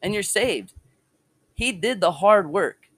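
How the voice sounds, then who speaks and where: A man's voice: high voice, expressive, takes it slowly, fairly bright tone, no echo. A man giving an informal, passionate sermon and personal testimony from home, mixing scripture talk with casual slang. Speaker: preacher.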